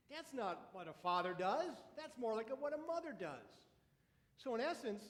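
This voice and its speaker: A pastor playing a resentful, self-righteous elder son in a first-person sermon, complaining with indignant sarcasm. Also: male voice, high voice. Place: church sanctuary. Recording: echoey church sanctuary.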